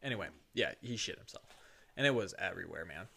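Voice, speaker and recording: A man's voice: deep voice, expressive, quick pace, creaky, bright, forceful tone, slight background noise. A young man chatting casually with friends, telling crude, joking stories. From Michigan, USA. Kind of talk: casual chat.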